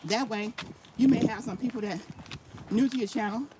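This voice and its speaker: A woman's voice: a little high, normal speed. Emphatic woman vlogging over background noise. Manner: emphatic, repeats her points for stress; talks while walking laps. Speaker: vlogger giving channel tips. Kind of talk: casual motivational vlog talk. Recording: noisy background.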